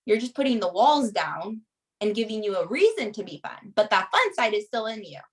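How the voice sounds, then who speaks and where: A woman's voice: medium pitch, big pitch swings, brisk, poor audio. A woman leading a group coaching session, giving motivational advice in an emphatic way and checking in with "right?" after nearly every point.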